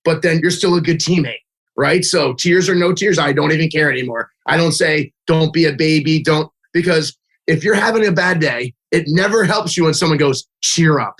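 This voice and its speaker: A man with a fairly high, slightly bright voice talks at a moderate pace. He coaches youth baseball and tells stories in a casual interview, chatty and full of "like," acting out quotes from the kids and from himself.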